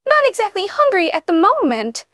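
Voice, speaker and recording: A woman's voice: very high voice, wildly swooping pitch, normal speed, no echo, clean studio sound, pitched above the performer's own voice, exaggerated voice. A woman voicing a sullen, sarcastic sixteen-year-old boy who was turned into a fairy with a girl's voice, in an audiobook. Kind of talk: audiobook narration.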